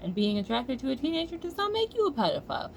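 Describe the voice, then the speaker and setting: A woman's voice: high-pitched, sing-song, fast talker, gravelly, a little hiss or hum. Fired-up American woman ranting. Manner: heated, profane, loud outbursts. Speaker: vlogger. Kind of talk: angry commentary rant.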